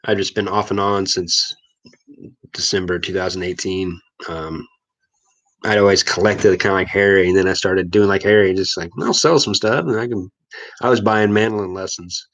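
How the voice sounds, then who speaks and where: Casual livestream host, man from Missouri, slightly low voice, easygoing and rambling. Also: little pitch movement, normal speed, dull audio. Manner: laid-back, rambling, chuckles often. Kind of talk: casual live chat with viewers.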